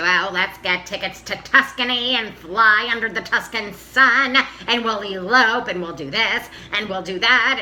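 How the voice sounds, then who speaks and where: A woman's voice: a little high, bright, forceful tone. A young woman co-hosting a casual TV recap, ranting sarcastically with heavy swearing. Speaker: co-host.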